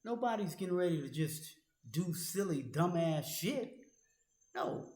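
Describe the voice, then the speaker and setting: A man's voice: sits high, lively intonation, unhurried, darkish tone. A man delivering a heated, profane monologue aimed directly at a critic, as an online commentator. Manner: angry, profane, confrontational, addressing a critic directly. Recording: roomy echo.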